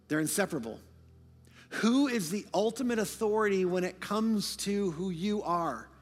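A man preaching from a large church stage, his voice high and carrying. He builds to fervent, emphatic peaks, then drops to near-whispers for quiet moments. A long hall reverb trails each phrase over faint music. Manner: impassioned, rising to near-shouting emphasis; drops to hushed, whispered lines for quiet points. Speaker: pastor. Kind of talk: sermon.

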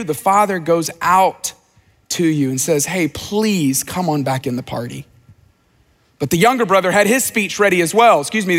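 High, animated preaching man. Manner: animated preaching, rhetorical questions, voices the characters. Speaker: pastor. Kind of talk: sermon. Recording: long reverb of a large hall.

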